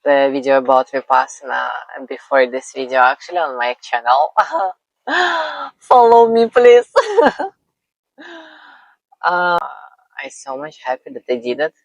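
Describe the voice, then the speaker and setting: Slow, gravelly-voiced woman, non-native English. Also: extremely low pitch, lively intonation, no room sound, rough recording. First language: not English. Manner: laughs often between phrases. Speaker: vlogger. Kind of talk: personal storytelling.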